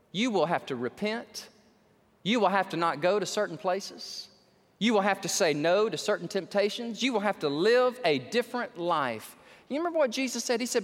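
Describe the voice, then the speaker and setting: A man preaching an impassioned sermon as pastor, swinging from loud to hushed. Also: sits high, big-room sound. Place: church sanctuary.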